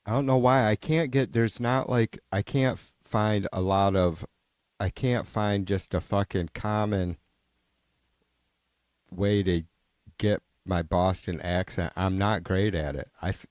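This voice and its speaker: Streamer, male, low and dry, profane rambling chat, unscripted. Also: steady tone, measured pace, a little mellow, no echo. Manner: rambling and profane, with many restarts and trailing-off sentences. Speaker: livestream host.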